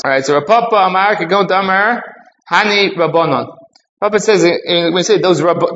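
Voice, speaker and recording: A man with a slightly high, somewhat bright voice teaches a Talmud class at a moderate pace, working through each point step by step and using Hebrew and Aramaic terms. The recording sounds dull and roomy, with faint ambient noise behind him.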